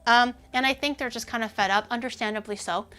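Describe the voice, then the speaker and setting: A woman streaming and chatting casually with her audience, rambling with lots of "like" and sounding animated and indignant. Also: on the high side, quick pace, smooth.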